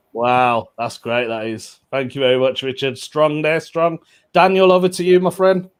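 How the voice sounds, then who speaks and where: A man hosting an online comedy show, chatty and jokey, laughing often. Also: on the high side. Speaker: host.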